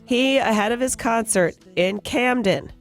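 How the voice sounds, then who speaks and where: Woman, radio co-host, entertainment news, brisk storytelling, faint music. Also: fairly high pitch. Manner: brisk storytelling, bright laughs. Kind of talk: news reading and chat on radio.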